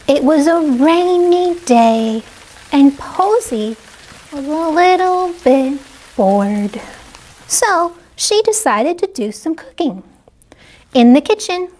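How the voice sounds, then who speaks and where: Gentle high-voiced woman reading to kids. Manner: gentle, exclamatory, asks children questions. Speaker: children's librarian. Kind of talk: children's story read-aloud.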